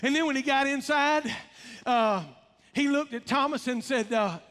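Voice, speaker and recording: Male preacher, very high voice, rhythmic sermon delivery, echoing church hall. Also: moderate pace, fairly bright tone. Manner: rhythmic preaching, calls out to the congregation. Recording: long reverb of a large hall.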